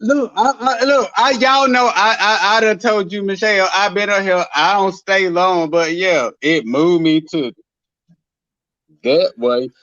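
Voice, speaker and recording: High-voiced crude caller on a dull line. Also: male voice, unhurried, a bit bright, no room sound. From North Carolina. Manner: blunt, crude, rambling. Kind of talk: phone call-in.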